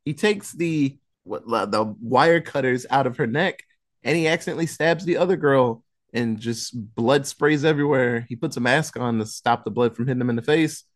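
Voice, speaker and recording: A man's voice: mid-range voice, normal speed. A man on a podcast casually recapping a horror movie plot, rambling with lots of fillers and restarts. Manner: casual, chuckles while recapping. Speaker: podcast co-host.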